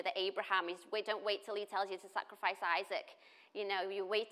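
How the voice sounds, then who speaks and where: A woman's voice: mid-range voice, a bit bright. A woman giving a conversational sermon at a church meeting, full of chatty asides and restarts. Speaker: church speaker.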